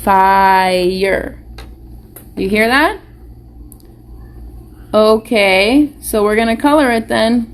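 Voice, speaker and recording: A woman's voice: a little high, slow pace, pauses often. A woman teacher giving a live online phonics lesson to young children, patient and encouraging, asking them question after question.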